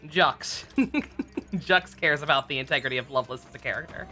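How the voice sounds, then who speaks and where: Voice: medium pitch, a little fast, bright, forceful tone. A streamer giving casual let's play commentary, rambling, swearing freely and laughing at their own jokes. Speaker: video game streamer.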